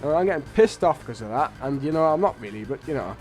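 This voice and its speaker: A man's voice: on the high side, expressive, quick pace, darkish tone, soft background music. A man giving casual, rambling, blunt commentary while playing a video game. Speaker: let's play host.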